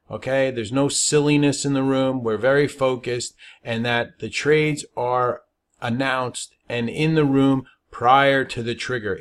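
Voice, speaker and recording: A man teaching stock trading in a webinar, talking emphatically and checking in with "all right?" after his points. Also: medium pitch. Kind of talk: webinar presentation.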